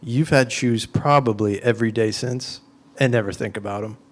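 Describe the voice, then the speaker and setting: A man answering audience questions in an informal talk, explaining his ideas through conversational, animated everyday examples with lots of "like"s. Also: mid-range voice, moderate pace. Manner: conversational, animated storytelling with many "like"s.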